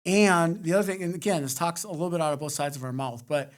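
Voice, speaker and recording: A male podcast co-host in loose conversation with his partner. He talks bluntly, drops casual swear words, and his voice sits a bit higher than most men's. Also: fast. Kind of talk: casual chat.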